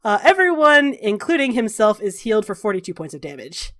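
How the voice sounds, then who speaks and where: A woman running a tabletop game as game master, brash and animated, swearing freely. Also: mid-range voice, brisk.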